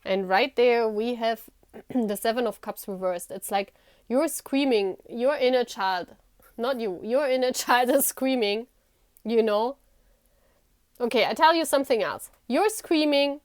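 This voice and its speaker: A woman's voice: a little high, expressive, unhurried, clear, resonant tone, dry recording, clean studio sound. Chatty, giggly woman giving a tarot reading. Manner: talks directly to the viewer, repeating "you know". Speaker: tarot reader. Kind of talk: casual tarot reading to camera.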